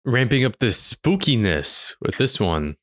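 A man's voice: mid-range voice, big pitch swings, a little slow, fairly bright tone. A man co-hosting a podcast, chatting casually and chiming in with short reactions. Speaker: podcast co-host. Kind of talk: casual chat.

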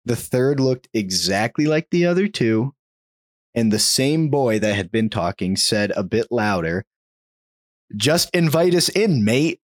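A man's voice: on the low side, measured pace, dry recording, studio quality. A man hosting a podcast, telling a spooky story in a casual way and chuckling now and then. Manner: animated, chuckles while telling a spooky tale.

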